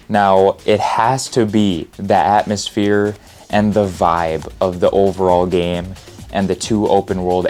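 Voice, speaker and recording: Male vlogger, 30s, very low voice, relaxed slangy enthusiasm, stumbles over words often, faint music underneath. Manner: stumbles and restarts, says he stutters a lot; laid-back slangy enthusiasm. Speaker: retro gaming video host. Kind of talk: casual unscripted game retrospective.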